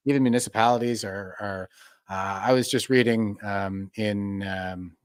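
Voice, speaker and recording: A man from Canada hosting a casual political chat, speaking haltingly with many ums and uhs. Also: lowish voice, fairly even intonation, clear, resonant tone, no echo, clean studio sound. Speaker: podcast host.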